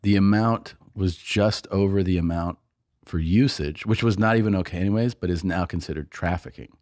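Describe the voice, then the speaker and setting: A man's voice: low voice, moderate pace, a little mellow, dry recording, studio quality. A man on a podcast, casually telling a long story, acting out other people's lines and laughing often. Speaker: podcast co-host and comedian.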